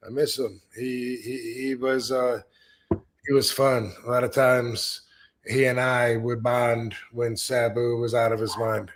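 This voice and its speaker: A man hosting a podcast, telling backstage stories in a loose, animated way and swearing freely. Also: mid-range voice, measured pace. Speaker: podcast host, retired wrestler. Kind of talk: casual storytelling.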